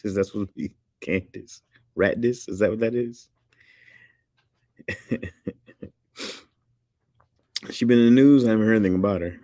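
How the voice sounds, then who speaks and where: Guy on a livestream, low voice, dry close sound, goofing around reading chat. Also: creaky, darkish tone, no echo. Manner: loose, joking, laughs often, reads comments aloud.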